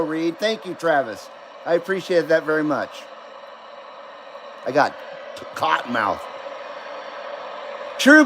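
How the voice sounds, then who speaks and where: A man's voice: high voice, fairly bright tone, slight background noise, rough recording. A man hosting a casual live-stream about CB radio, chatting loosely, laughing often and reading viewer comments aloud. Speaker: CB radio livestream host.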